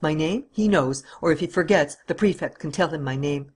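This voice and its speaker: A man voices a bold gentleman thief in a storybook reading, roaring and raging as his voice jumps up high. He is husky, fast to command, and barks short orders. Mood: curt, commanding. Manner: shouting, furious, commanding. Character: bold gentleman thief, adult male, masterful.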